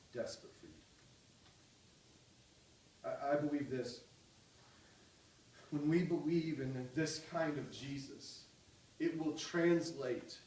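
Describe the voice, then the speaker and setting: Male pastor, higher voice, impassioned sermon, echoey hall, a little off the mic. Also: recorded from a distance, a little hiss or hum. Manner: impassioned, swinging from loud cries to soft pleading.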